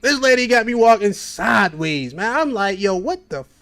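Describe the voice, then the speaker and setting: Man, high voice, Baltimore accent, rambling slangy storyteller, podcast host. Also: lively intonation, normal speed, a bit bright. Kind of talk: casual storytelling chat.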